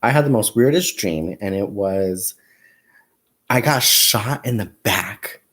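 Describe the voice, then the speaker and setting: Speaking slowly in a lowish, slightly bright voice, this young crafting channel host crochets on a casual livestream. He counts stitches out loud, laughs a lot as he tells stories, and addresses viewers as "you guys" and "y'all."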